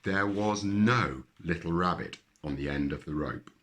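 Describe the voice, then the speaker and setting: A man reading a children's story aloud with lively, expressive narration. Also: low voice, a little slow.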